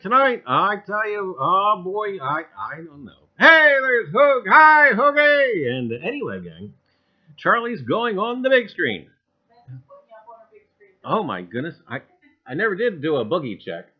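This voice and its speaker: A man hosting a casual livestream, folksy, repeating greetings and catchphrases as he welcomes viewers. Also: high voice. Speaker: livestream host. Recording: dull lo-fi stream audio.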